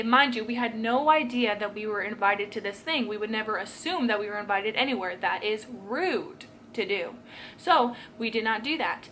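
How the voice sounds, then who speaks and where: A young woman vlogger with a somewhat high, slightly bright voice tells a personal story at a moderate pace into the camera she films herself with. The casual vlog is emotional and rambling, thick with filler words, and carries a little hiss or hum.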